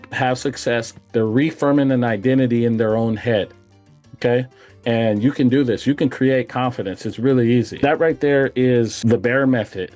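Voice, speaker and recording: A man's voice: mid-range voice, darkish tone. A man coaching a young baseball player, direct and encouraging, who repeats his key points over and over. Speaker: hitting coach.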